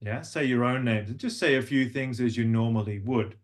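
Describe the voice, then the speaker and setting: A man leads a live voice-coaching workshop, patient and instructive, guiding his group step by step through each exercise. His pitch sits in an ordinary middle range for a man. He explains each point plainly and invites the room to try it. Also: normal speed. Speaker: language and voice coach.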